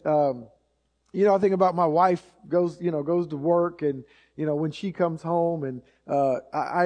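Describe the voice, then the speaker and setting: A man's voice: on the high side, mellow. A middle-aged male pastor preaching a sermon, repeating key phrases with emphasis and many fillers.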